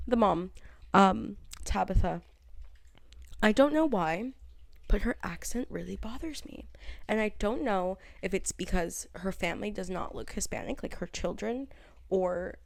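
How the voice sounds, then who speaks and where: A woman's voice: medium pitch, gravelly, no echo. A woman vlogging to her phone camera in a casual, rambling way, full of fillers and tangents. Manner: chatty, filler-heavy, loose tangents. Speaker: vlogger reviewing a TV show.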